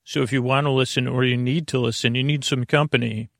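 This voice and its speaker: A man hosting a sleep podcast, talking in a creaky, lulling, meandering way full of tangents and restarts. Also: mid-range voice, steady tone, fast, no room sound, studio quality. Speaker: podcast host. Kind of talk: rambling bedtime talk.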